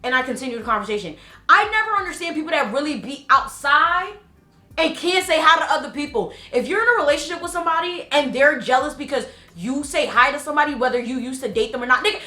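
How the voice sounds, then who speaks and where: Bright-voiced blunt woman in her twenties. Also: sits high, quick pace. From Haitian American, United States. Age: 20s. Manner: blunt, profane, animated storytelling. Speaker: vlogger. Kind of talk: storytime vlog. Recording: roomy echo.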